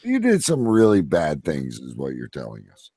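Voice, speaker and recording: A man's voice: rumbling low, huge pitch swings, normal speed, dark tone, breathy edge. A man co-hosting a casual talk show who keeps butting in and teasing the others. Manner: teasing, interjecting. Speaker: co-host. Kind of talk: casual podcast banter.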